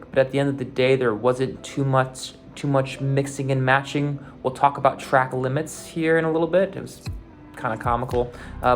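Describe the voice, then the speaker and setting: A man hosting a show, giving a loose, unscripted recap of a car race, with lots of fillers and restarts. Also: mid-range voice. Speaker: podcast host recapping a race.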